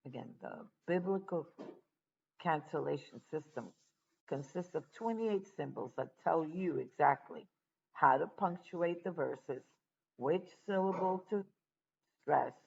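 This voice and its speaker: A teacher giving a slow, deliberate spoken lesson, pausing often between phrases. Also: medium pitch, creaky, muffled recording, slight background noise.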